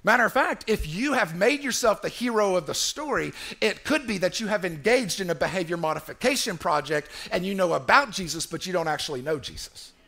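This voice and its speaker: A man's voice: high voice, animated, a little fast, gravelly, few pauses, sharp tone. A man preaching a sermon as pastor in a church, emphatic and repetitive, calling on the congregation to answer him.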